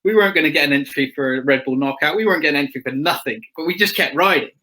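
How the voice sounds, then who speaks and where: Bright chatty man telling stories. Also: fairly high pitch, rapid-fire, low-quality recording. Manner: chatty storyteller, laughs often, acts out quotes. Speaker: guest motocross rider. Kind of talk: casual chat.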